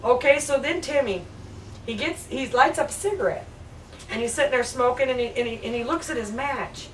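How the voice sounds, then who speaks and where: A woman with a high voice tells family stories with lively energy, laughing along as she goes. She sounds roomy and a little distant from the mic. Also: brisk, a little hiss or hum. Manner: animated, laughs through her stories. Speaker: family member telling stories. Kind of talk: casual storytelling.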